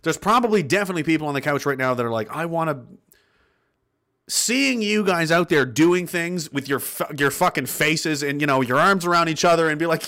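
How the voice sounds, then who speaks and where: Bright-voiced man on a profane rant. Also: on the high side, lively intonation, fairly quick. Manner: profane, rambling, blunt. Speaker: livestream host reading chat. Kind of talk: casual motivational rant.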